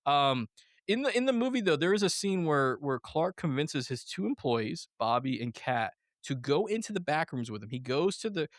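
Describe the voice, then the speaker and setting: A man hosting a casual movie review podcast, animated and laughing often as he acts out quotes. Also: a little high, normal speed, dry recording, studio quality. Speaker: podcast host.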